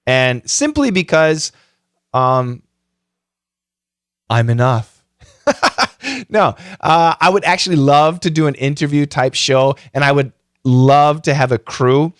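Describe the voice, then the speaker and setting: A man's voice: fairly high pitch, a little slow, smooth, dry recording, studio quality. A middle-aged man hosting a podcast, giving a casual, chatty tutorial full of self-mocking jokes and frequent fillers. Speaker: podcast host.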